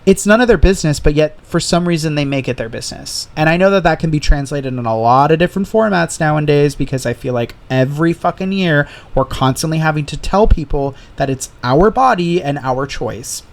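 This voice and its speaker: A man's voice: fairly high pitch, expressive, brisk, vocal fry, few pauses. Man swearing through candid stories. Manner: candid storytelling, heavy swearing. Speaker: podcast host. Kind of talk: casual solo chat.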